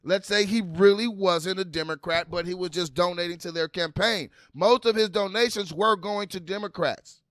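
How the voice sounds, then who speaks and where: A man doing casual, animated livestream commentary, reading news aloud and laughing with his viewers. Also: sits high, normal speed, dry recording, clean studio sound. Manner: animated, laughing, talks to viewers as "you guys"; reads news aloud while scrolling. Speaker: political commentary vlogger.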